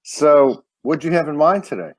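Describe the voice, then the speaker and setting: A man hosting a live online show in a relaxed, teasing way, often stumbling and restarting his sentences. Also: a little high, moderate pace. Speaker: show host. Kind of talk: casual live-stream hosting.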